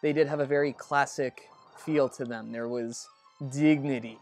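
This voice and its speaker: A man's voice: medium pitch, fairly even intonation, moderate pace, darkish tone, soft background music. A man hosting a let's play, chatting casually and rambling about movies while he plays, and cursing under his breath when the game goes wrong. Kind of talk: casual gameplay commentary.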